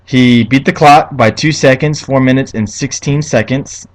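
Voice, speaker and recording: In a casual solo review he recorded himself, a young man runs through a wrestling show at normal speed, swearing freely. His pitch is an ordinary middle one, and he gets heated and ranting, tripping over words and restarting. The audio quality is poor.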